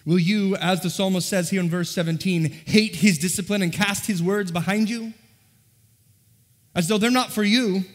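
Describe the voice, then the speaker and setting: A pastor delivers his sermon, pressing the congregation with one rhetorical question after another in an earnest tone. His voice sits a little high for a man. The sound rings out with the long reverb of a large church hall. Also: moderate pace. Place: church sanctuary.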